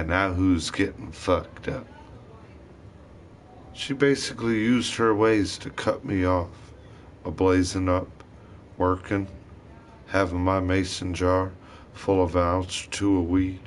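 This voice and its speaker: Talking to camera in a low voice, this vlogger delivers a rambling, disjointed rant full of nonstop swearing. A little background noise can be heard.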